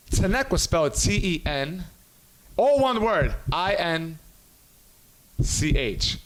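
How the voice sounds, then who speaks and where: A man's voice: sits high, takes it slowly, long pauses. A male comedian hosting a podcast, telling stories in casual chat, swearing freely and acting out what people said. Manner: animated storyteller, swears freely, acts out quotes.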